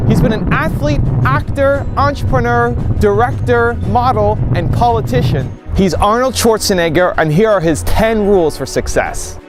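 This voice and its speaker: A narrator reading a scripted introduction, listing items one after another in a measured way. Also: mid-range voice. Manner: measured list-style introduction. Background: background music.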